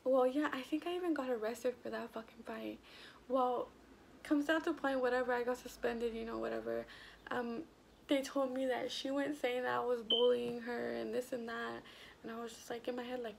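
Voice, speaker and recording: Profane young woman with a gravelly edge. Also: fairly high pitch, moderate pace, a little hiss or hum. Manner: blunt, profane and animated. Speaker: vlogger. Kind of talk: casual storytime.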